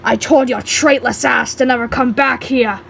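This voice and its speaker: A woman playing a bitter, bearded townsman who spits insults with contempt. The voice sits high, with a faint hum behind it. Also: steady tone, moderate pace, creaky, a bit bright. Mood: sneering. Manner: sneering, insulting. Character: hostile middle-aged man, bearded and sneering.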